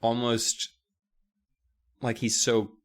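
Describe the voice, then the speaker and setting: A man's voice: mid-range voice, completely flat delivery, extremely slow, fairly bright tone. A man in casual comedic chat, rambling and swearing as he retells scenes. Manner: retells scenes with quoted voices, rambling and profane. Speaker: podcast co-host.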